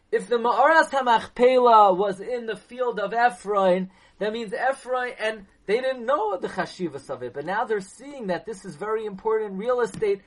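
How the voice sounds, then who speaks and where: A man giving a Torah class lecture, animated, asking his listeners questions and mixing Hebrew and Yiddish terms into his English. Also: high voice. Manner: animated, asks the audience questions. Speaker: Torah teacher.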